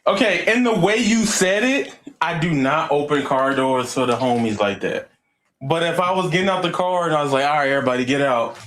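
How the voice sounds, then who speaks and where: A man's voice: fairly high pitch, lively intonation, moderate pace, fairly bright tone, echoey room. A man on a casual panel debate, joking and laughing and dodging questions. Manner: joking, laughing, evasive, trolling. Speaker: panel guest.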